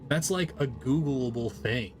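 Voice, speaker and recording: A man's voice: medium pitch, a little slow, over music. A man streaming a game, chatting casually in a rambling, profane way and laughing often. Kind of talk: casual chat while gaming.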